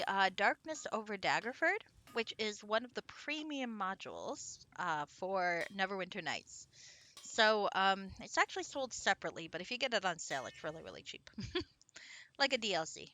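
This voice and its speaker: A woman's voice: medium pitch, sing-song, moderate pace, bright, forceful tone. A woman game streamer chatting casually and giggling while she plays. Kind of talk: casual live-stream commentary.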